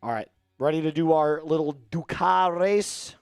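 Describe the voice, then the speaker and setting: Male stream host, casual and jokey, slightly raised pitch, dry close mic, faint music. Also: fairly even intonation, measured pace, creaky, clear, resonant tone, no echo. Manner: joking, reads out viewer chat. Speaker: livestream host. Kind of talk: casual live-stream chat.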